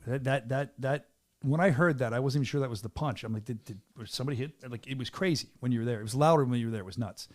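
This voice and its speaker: A man hosting a casual podcast from a small studio, talking with an excitable hype-man energy. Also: mid-range voice, quick pace. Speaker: podcast host and venue announcer.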